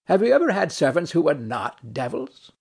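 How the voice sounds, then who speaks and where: A man's voice: a little high, sing-song, normal speed, creaky, a little mellow, slightly rough, voice pushed down, heavily acted. A man reading a weary, mocking nobleman. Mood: ironic. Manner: dry, mocking, philosophical. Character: weary, ironic nobleman and duelist in hell. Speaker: audiobook narrator. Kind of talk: reading a stage play aloud.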